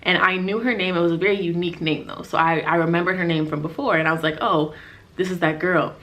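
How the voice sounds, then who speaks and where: A woman's voice: fairly low pitch, fairly even intonation, fast, a bit bright. A young woman vlogger telling a personal story to camera in casual chat, full of "like" fillers and acted-out quotes. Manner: chatty, lots of "like" fillers, acts out quoted lines.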